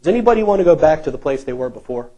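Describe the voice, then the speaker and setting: A man's voice: fairly high pitch, expressive, racing, dark tone, muffled recording. A male pastor preaching a sermon in a church, emphatic and repetitive, asking the congregation rhetorical questions.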